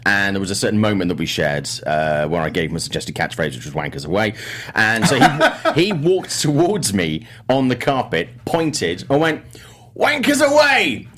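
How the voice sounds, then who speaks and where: A man's voice: low-pitched, sing-song, moderate pace, a bit bright. Middle-aged english guy hosting a movie chat, rambly and joking at himself, voice goes up and down a lot. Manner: rambling, self-deprecating, frequent fillers. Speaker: host. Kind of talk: casual chat.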